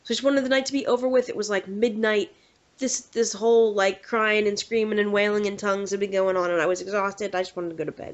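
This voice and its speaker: A woman hosting a podcast, telling rambling, animated stories in casual chat. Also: mid-range voice. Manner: animated, rambling, quick to slip into quoted voices. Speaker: podcast host. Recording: dull lo-fi podcast audio.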